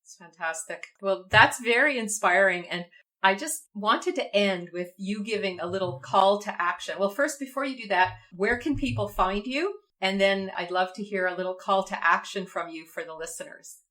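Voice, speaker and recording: A woman's voice: mid-range voice, normal speed, bright, forceful tone. A woman, a physician who hosts a podcast, interviewing a guest and adding brief encouraging remarks. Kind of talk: interview hosting.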